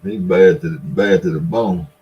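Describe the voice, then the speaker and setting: Low-voiced man spinning yarns. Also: normal speed, dull audio. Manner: laughs often, drawling folksy yarn-spinning. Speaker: storyteller, former store owner. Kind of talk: casual storytelling.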